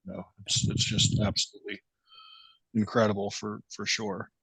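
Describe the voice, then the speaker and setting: Male podcast host, low voice, rambling casual chat, dry sound. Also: little pitch movement, moderate pace, bright, forceful tone, breathy edge, dry recording. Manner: rambling, many fillers like "you know".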